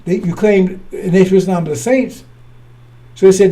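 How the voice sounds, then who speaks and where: A man's voice: high-pitched, steady tone, normal speed, pauses often, warm tone. A man preaching in a blunt, scornful way, often repeating and restarting his words. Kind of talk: fiery preaching.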